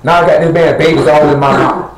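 Preacher, male, blunt and conversational, quizzes the congregation; slightly high voice. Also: fairly even intonation, fast talker, echoey room, low-quality recording. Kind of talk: sermon. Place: church assembly hall.

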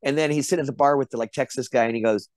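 A man's voice: medium pitch, very fast, darkish tone, no echo. A middle-aged man, an actor being interviewed, telling casual anecdotes and acting out the quotes. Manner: chatty storyteller, acts out quotes. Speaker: actor guest.

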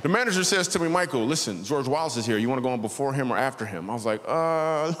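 Medium in pitch, expressive and quick, with a fairly bright tone, a man in his thirties does stand-up in a church, acting out voices in a story. Slight background noise sits under the reverberant sound of the large auditorium, along with faint ambience.

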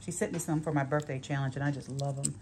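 A woman's voice: very deep voice, steady tone, quick pace, darkish tone. A woman chatting through a craft unboxing, gushing and giggly. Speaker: crafting vlogger. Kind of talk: casual unboxing chat. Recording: clear background noise, paper crinkling.

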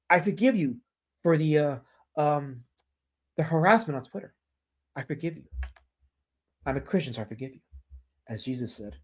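Guy on a live stream reading chat, kinda high voice, swoops up and down a lot, jokey and over the top. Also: fairly quick, pauses often, slightly rough. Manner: animated, mock-dramatic, teasing.

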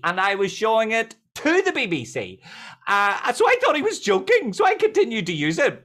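Lively, joking motivational speaker, a man. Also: high voice. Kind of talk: motivational talk on a video call.

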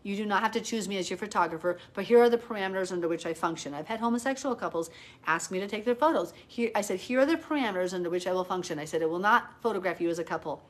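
Earnest chatty woman teaching the Bible live. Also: very fast. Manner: earnest and chatty, reads out viewer comments; acts out quoted people with big jumps in pitch.

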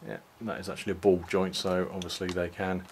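A man casually walking through a toy set, unhurried, with many ums and restarts. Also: sits low, level tone, slight background noise. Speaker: toy reviewer. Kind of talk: casual product walkthrough.

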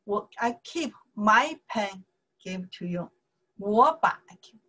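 A woman with a Chinese accent, a native Chinese speaker, teaching a casual language lesson in slow, repetitive steps and checking "okay?" after each point. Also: medium pitch, lively intonation, pushed and bright, husky, poor audio. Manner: slow, repeats words, says okay often.

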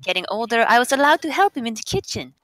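A woman's voice: a little high, very animated, fast, fairly bright tone, no room sound, rough recording. A woman voicing a German housewife in her mid-twenties who loves cooking, in a put-on German accent and a comic, earnest reading. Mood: chirpy. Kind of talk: comic reading of a recipe blog.

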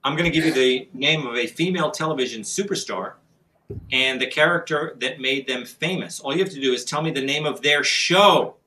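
A man hosting a trivia game show, upbeat and guessing quickly with stumbling restarts. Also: mid-range voice, bright, forceful tone, poor audio.

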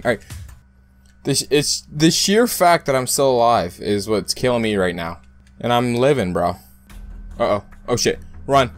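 A young man giving live gameplay commentary, excitable and full of loud outbursts and swearing. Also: mid-range voice, moderate pace, faint music behind. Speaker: gaming YouTuber.

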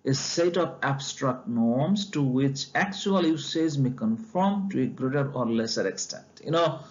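Slow, deliberate male lecturer, lo-fi sound. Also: medium pitch, a little mellow. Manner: slow and deliberate, frequent fillers and restarts. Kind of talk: explaining a textbook chapter.

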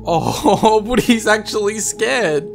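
A man doing excited game commentary, yelling and laughing as he plays. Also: sits high, slow pace, vocal fry. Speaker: gaming YouTuber. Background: game music.

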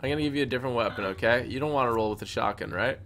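A man hosting a live gameplay stream, energetic and excitable, often repeating his phrases. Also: medium pitch, racing. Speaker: gaming channel host.

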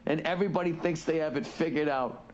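A man's voice: a little high, fast talker, lo-fi sound. A man, a comedian, ranting in a loose podcast style, swearing constantly and restarting his sentences. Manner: profane, rambling, restarts often. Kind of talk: rambling podcast rant.

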